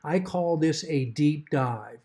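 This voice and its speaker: A middle-aged man explaining a course assignment in a measured, emphatic way, repeating key words to stress them. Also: a little high, dark tone. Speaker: course instructor. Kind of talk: recorded course assignment overview.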